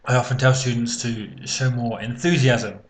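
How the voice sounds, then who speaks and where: A man's voice: medium pitch, steady tone, moderate pace, a little hiss or hum. A man teaching an English speaking exam lesson, talking unscripted and hesitantly with many fillers and restarts.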